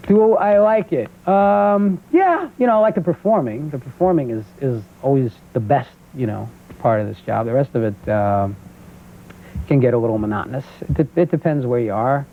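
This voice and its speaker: Animated New York comedian on a tinny tape. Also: male voice, mid-range voice, normal speed. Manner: animated, jumping into shouty character voices. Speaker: comedian guest. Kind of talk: talk show stand-up storytelling. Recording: tinny phone-like old VHS audio with faint hiss.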